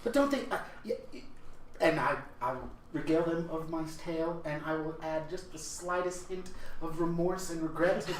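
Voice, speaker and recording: A man's voice: fairly high pitch, normal speed, close to an everyday voice. A man doing a self-pitying friar who rambles and overplays his misery while angling for free drinks. It is recorded in a roomy space from a distance, with a faint noise beneath. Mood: scheming. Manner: melodramatic, rambling.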